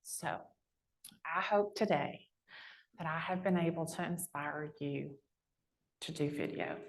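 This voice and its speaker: A woman, a real estate agent giving a chatty, animated storytelling talk to a live audience. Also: deep voice. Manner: chatty, animated storyteller with lively quoted voices.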